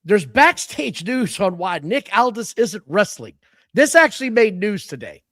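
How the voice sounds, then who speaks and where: A man co-hosts a wrestling podcast and talks in a fired-up, opinionated way. His voice sits high and swoops around a lot. The sound is dry and close to the mic. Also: unhurried, no echo. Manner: animated, opinionated ranting. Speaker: podcast co-host. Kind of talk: casual chat.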